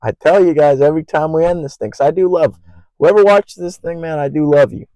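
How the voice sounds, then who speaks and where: A young man hosting his own podcast alone, rambling in an earnest, profane way and naturally loud. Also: a little high, a little fast, no echo, low-quality recording. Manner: loud by habit. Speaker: podcast host. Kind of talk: casual solo podcast monologue.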